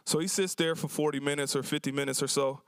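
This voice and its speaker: This man talks fast in a slightly high, fairly bright voice with fairly even intonation, and there's no echo. He's a cafe owner telling an audience at a university symposium about his customers in a relaxed, colloquial style, acting out what they said.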